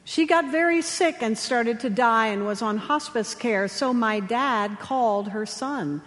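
A woman chaplain preaching a sermon, telling stories gently with slow, emphatic pauses. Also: fairly high pitch. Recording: long hall reverb.

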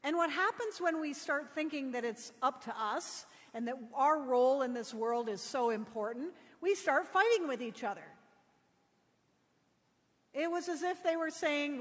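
A woman's voice: high-pitched, lively intonation, normal speed. Woman preaching in a reverberant church. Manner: storytelling, gently humorous. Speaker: pastor. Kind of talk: sermon.

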